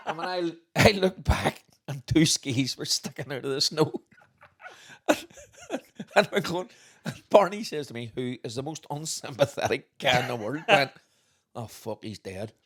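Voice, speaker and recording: A middle-aged man, co-hosting a podcast and telling stories in a lively way, laughing often. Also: on the high side, unhurried, pauses often. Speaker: podcast co-host, father. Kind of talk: casual storytelling chat.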